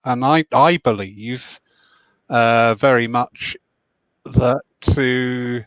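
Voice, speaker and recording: A man hosting a spiritualist discussion, measured and thoughtful, reading out viewers' questions. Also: mid-range voice, dry recording, low-quality recording. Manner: measured, thoughtful, hesitant fillers. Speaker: host.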